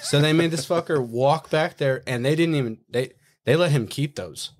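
A man's voice: on the high side, normal speed. A man in his thirties, a Marine staff sergeant telling stories in a casual podcast chat, swearing a lot and laughing as he talks.

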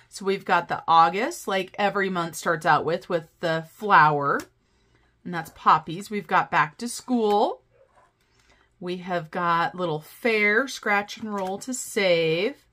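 A woman's voice: mid-range voice, fairly bright tone. A woman chatting casually to her viewers as a budgeting vlogger, bubbly and gushing. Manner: bubbly, gushing, often says "you guys". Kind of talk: casual chat to camera.

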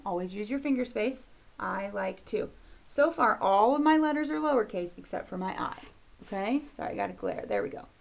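A woman teaching a kindergarten video lesson, upbeat and encouraging, slowly sounding out letters for young children. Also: mid-range voice, creaky.

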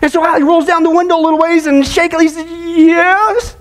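Animated, high-voiced male preacher. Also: very fast. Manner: animated, joking, draws in the audience. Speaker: pastor. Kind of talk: sermon storytelling.

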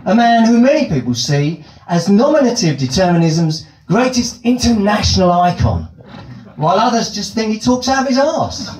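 Wordy, lively British stand-up man. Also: a little high, echoey room, slight background noise, rough recording. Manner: wordy, ironic, elaborate phrasing. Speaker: stand-up comedian. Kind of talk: stand-up comedy storytelling.

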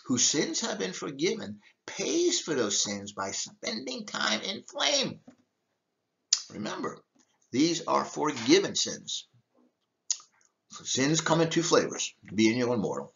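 A man's voice: mid-range voice, vocal fry, a bit bright, muffled recording. An older man, a deacon, giving an emphatic teaching talk with rhetorical questions. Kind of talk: teaching talk on church history.

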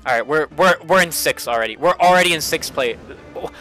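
A man's voice: on the high side, animated, a little fast, pushed and bright. A young man giving frustrated, swearing commentary while playing a kart racing game, repeating himself often. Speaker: gaming streamer. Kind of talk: live gameplay commentary. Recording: game music playing behind.

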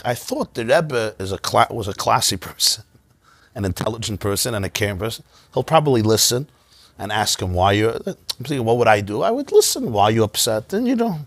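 A man, a rabbi, giving an informal synagogue class, telling stories in a conversational, animated way. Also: mid-range voice, breathy edge, no room sound. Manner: conversational, storytelling, animated asides.

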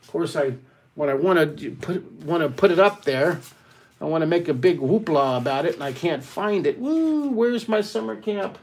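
A middle-aged man hosting a live drawing lesson for kids from home, talking in a playful, excitable and chatty way straight to his young viewers. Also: on the high side, moderate pace, slightly rough. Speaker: art teacher hosting a live kids' drawing webcast. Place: at home, son and cat in the room.

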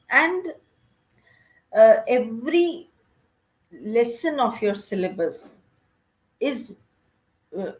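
A woman's voice: medium pitch, rough recording. A woman, teaching a recorded lesson and asking her students rhetorical questions. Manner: explanatory, asks rhetorical questions. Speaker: English teacher. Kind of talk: recorded lesson explaining a play.

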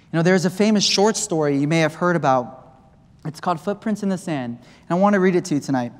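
A man's voice: fairly high pitch, fast. Male preacher, impassioned, rising and falling, long church reverb. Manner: impassioned, swinging from loud to hushed. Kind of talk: sermon. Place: church sanctuary.

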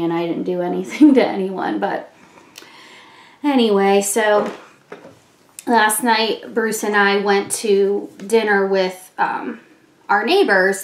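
A middle-aged woman chatting casually while doing her makeup, telling stories with plenty of fillers and frequent laughs. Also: medium pitch. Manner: chatty storytelling, laughs often, many fillers. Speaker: beauty vlogger. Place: room at home. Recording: echoey home room.

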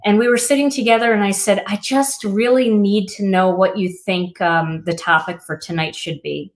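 A woman's voice: medium pitch, fairly even intonation, normal speed. A middle-aged woman hosting a crafting livestream, talking casually and reflectively with many fillers. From Wisconsin.

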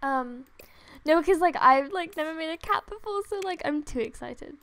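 A young woman gaming vlogger gives excited gameplay commentary into a desktop USB microphone, her voice high and gravelly. At a moderate pace she gushes, gasps and laughs, nearly in tears with excitement.

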